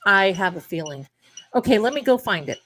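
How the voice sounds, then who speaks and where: A woman's voice: mid-range voice, expressive, a little fast, a bit bright, slight background noise. A middle-aged woman hosting a live tarot stream, chatting casually and rambling to her viewers, calling them her darlings.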